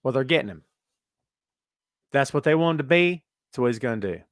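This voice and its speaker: A man hosting a casual wrestling talk show, reading out viewer comments with sarcastic, animated commentary. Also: medium pitch, fairly quick, no room sound, clean studio sound. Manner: sarcastic, animated, mocking put-on voices. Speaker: podcast host.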